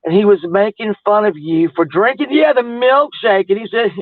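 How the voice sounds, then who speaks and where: A woman's voice: mid-range voice, moderate pace, dry recording. A woman livestreaming, chatting casually with viewers in a gossipy, rambling way and laughing often. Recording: tinny phone-like audio, dry.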